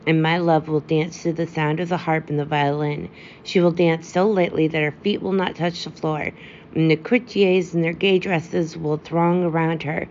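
A lovesick young student pours out a mournful, self-pitying lament, as a woman reads him. The voice is low and the sound is muffled, with faint hiss. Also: steady tone, moderate pace, a little mellow.

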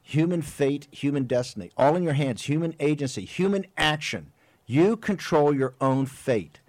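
A man's voice: fairly high pitch, lively intonation, moderate pace, darkish tone, dry recording. A man hosting a political talk show, delivering an impassioned, rambling monologue full of emphatic repetition. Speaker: host.

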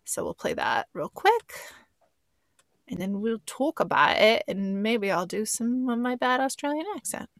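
A woman's voice: on the high side, big pitch swings, measured pace. A woman hosting a podcast, chatting casually and rambling, with many fillers. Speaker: podcast host.

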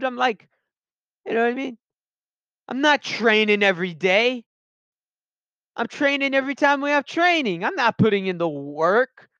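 A man's voice: high-pitched, lively intonation, moderate pace, fairly bright tone, dry recording. A young man rambling through personal stories in a casual, slangy monologue, often interrupting himself. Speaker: vlogger telling personal stories. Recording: dull lo-fi sound.

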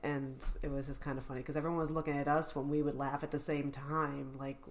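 A woman's voice: low voice, little pitch movement, fast. A woman guest on a podcast, telling stories in a chatty, casual way. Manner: chatty storytelling with laughs. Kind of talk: casual chat.

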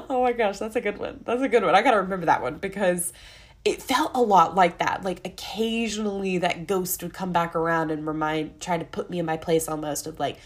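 A woman's voice: medium pitch, moderate pace. A young adult woman hosting a solo podcast, talking candidly in a rambling, self-interrupting way. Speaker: podcast host. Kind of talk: casual solo podcast monologue.

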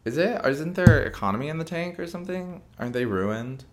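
A woman's voice: sits low, expressive, brisk, noisy background. Playful American drag queen podcast host. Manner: playful, jumps into silly put-on voices. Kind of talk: casual chat.

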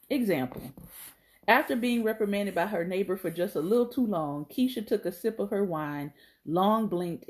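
A woman's voice: fairly low pitch, a little mellow. A woman podcast host reading entries from a phrase book aloud on a live stream, laughing and adding chatty asides to her viewers.

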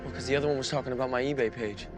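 A man's voice: mid-range voice, fairly even intonation, racing, natural voice. An actor playing an awkward teenage boy who asks nervous, puzzled questions, in a film clip. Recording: film clip with loud score behind. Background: loud film music.

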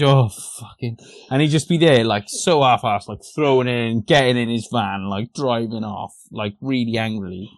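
A man's voice: mid-range voice, moderate pace, few pauses, no echo. A man, co-hosting a podcast and telling a story in casual chat, swearing and laughing as he goes. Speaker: podcast co-host.

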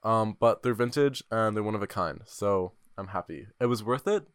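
Alone at a desk microphone, a seventeen-year-old podcast host rambles casually, cracking jokes and poking fun at himself. His voice is on the low side and smooth at a normal speed, captured as clean studio sound with no room sound.

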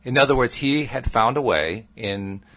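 A man hosting a podcast who steers the conversation back to the topic in a thoughtful, measured way. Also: mid-range voice, expressive, a bit bright. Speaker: podcast host. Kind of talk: casual conversation.

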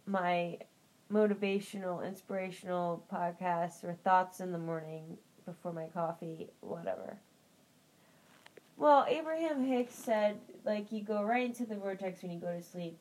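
A woman's voice: medium pitch, darkish tone, poor audio. A woman hosting a motivational morning podcast, rambling and upbeat, with lots of "like" and "you know" and encouraging pep talk. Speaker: podcast host.

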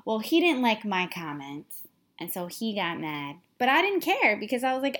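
A woman's voice: medium pitch, brisk. A woman in her thirties chatting casually as a podcast co-host, candidly telling a story about her family and acting out both sides of a spat. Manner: candid, animated storytelling, mimics her husband. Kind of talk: casual chat.

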